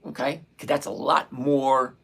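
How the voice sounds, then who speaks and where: Middle-aged male livestream trading host, blunt and plain-spoken, gravelly tone. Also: medium pitch, little pitch movement, a bit bright. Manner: blunt, repeats points slowly. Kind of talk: live-streamed trading lesson answering chat.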